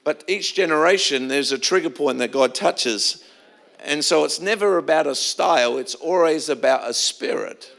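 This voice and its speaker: A man's voice: on the high side, normal speed, creaky, a bit bright. A middle-aged man preaching a sermon in a church, telling stories in a conversational way with frequent restarts. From Australia. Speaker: pastor.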